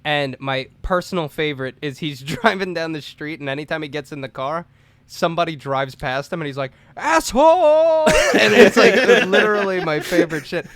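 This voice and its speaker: A man's voice: on the high side, brisk, fairly bright tone. A man co-hosting a casual podcast, rambling through movie stories with fillers and crude jokes. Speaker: podcast co-host. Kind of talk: casual chat.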